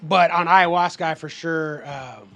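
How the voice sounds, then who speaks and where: A man telling a story in a casual podcast chat, animated and swearing freely as he acts out what people said. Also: on the high side, measured pace.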